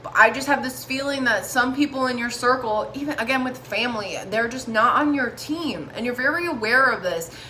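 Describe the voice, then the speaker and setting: A woman's voice: fairly high pitch, brisk, pushed and bright, slight background noise. A woman giving a casual tarot reading, talking straight to viewers in a candid, chatty way with plenty of swearing. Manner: talks straight to viewers, encouraging. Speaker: tarot reader.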